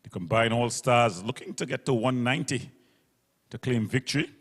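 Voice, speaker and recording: Calling a local cricket game ball by ball for a broadcast at the ground, this commentator speaks at a mid pitch with a long reverb behind him. He moves briskly and methodically through the field placings, correcting himself as he goes.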